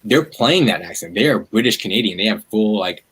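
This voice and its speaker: A man speaking as a guest on a livestream, talking in an animated, rambling way with many fillers and restarts, heard over a video call. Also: on the low side, brisk, husky, low-quality recording. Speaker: guest, media activist. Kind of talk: livestream conversation.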